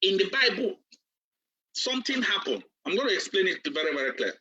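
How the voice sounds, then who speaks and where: A man's voice: sits high, big pitch swings, fairly quick, bright, forceful tone, slightly rough. A man, a business coach giving a preacher-like motivational training, repeating himself emphatically. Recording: distant, dull lo-fi recording.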